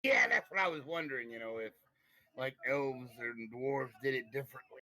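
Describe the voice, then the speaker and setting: A man's voice: mid-range voice, moderate pace, pushed and bright, no room sound, low-quality recording. A man playing in a tabletop game, asking curious questions about the world. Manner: curious, asks many questions. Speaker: player.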